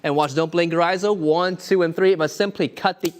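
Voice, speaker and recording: A man's voice: a little high, fairly even intonation, fairly quick. A man performing an interactive online magic show, full of upbeat showman patter and frequent chuckles.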